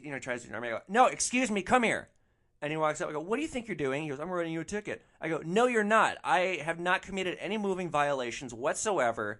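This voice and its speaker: Animated ranting young man. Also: medium pitch. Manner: ranting, animated, swears freely. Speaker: podcast host. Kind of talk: solo podcast storytelling.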